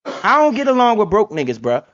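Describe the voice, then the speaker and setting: A man from Connecticut hosting a livestream, talking loudly in animated street slang and swearing often. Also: sits high, a little fast. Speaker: livestream host. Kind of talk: casual livestream chat. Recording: lo-fi stream audio.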